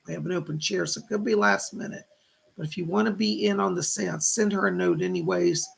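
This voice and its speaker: Man, livestream host, casual chat, heavily gravelly voice, husky tone. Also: high-pitched, fairly even intonation, a little fast. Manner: chatty, greets viewers and chat names.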